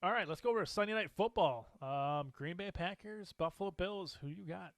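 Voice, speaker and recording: Opinionated man with a higher voice. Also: brisk, no echo. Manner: animated, opinionated, laughs often. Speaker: co-host. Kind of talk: casual sports talk.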